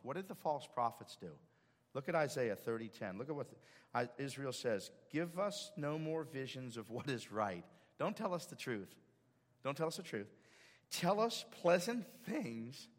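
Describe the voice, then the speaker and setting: Man preaching with lively, swelling emphasis. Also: mid-range voice, long reverb tail. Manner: preaching with swelling emphasis, quoting scripture dramatically. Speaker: pastor. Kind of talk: sermon. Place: church sanctuary.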